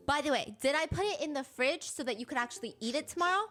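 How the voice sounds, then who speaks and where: A woman's voice: high-pitched, fast, few pauses. A young woman streamer recapping a show in casual storytelling, acting out the people she quotes. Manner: animated, acts out quoted people.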